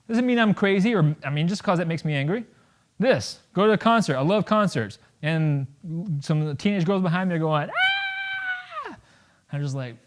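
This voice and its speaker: A man in his thirties, a veteran giving a public talk to an audience, blunt and joking, acting out conversations as he tells them. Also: on the high side. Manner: blunt, joking, acts out dialogue with wide swings of loudness. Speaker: veteran speaker.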